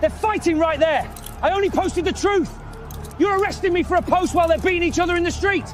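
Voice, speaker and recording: A man's voice: very high-pitched, fast talker, soft background music. An actor playing a young man arrested over an online post, pleading and indignant.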